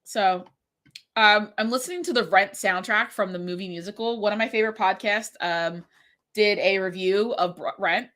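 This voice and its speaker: Bright-voiced, congested woman chatting casually. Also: mid-range voice, normal speed. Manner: chatty, rambling storyteller with many fillers. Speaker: middle school French teacher. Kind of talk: casual livestream chat during writing sprint. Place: at home.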